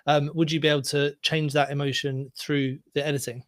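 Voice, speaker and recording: A man's voice: fairly high pitch, flat delivery, a little fast. A man interviewing a guest, asking casual questions and rephrasing as he goes.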